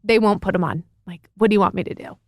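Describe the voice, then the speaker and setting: A woman's voice: medium pitch, fast, dry recording, studio quality. A woman guesting on a podcast in casual chat, talking in a chatty, wry way.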